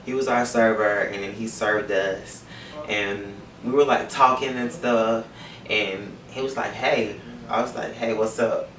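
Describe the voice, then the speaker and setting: A young man tells a personal story in a loose, candid way, swearing freely. His voice sits a little low, and he sounds distant from the mic, with a roomy echo and a faint background hum. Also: fairly even intonation, a little slow, fairly bright tone. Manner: chatty, candid, profane, emotional. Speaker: vlogger. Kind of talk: casual storytelling.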